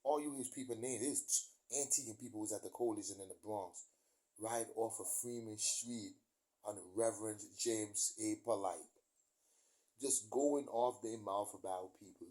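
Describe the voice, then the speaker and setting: A man's voice: on the low side, moderate pace, mellow. Profane New man ranting. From New York, USA. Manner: profane, emphatic street talk. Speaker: vlogger. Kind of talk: ranting storytelling monologue.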